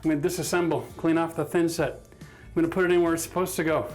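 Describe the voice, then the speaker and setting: DIY host, man, higher than average voice, chatty and self-deprecating, clear music bed underneath. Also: steady tone, fast talker, a little mellow. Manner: chatty, self-mocking, laughs at his own mistakes. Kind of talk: casual how-to narration. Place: bathroom under renovation.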